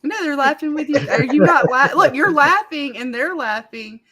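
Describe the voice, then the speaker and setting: A woman's voice: high voice, moderate pace, a crowd in the background. A woman hosting a casual live-stream chat, rambling and laughing with lots of fillers. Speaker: channel host.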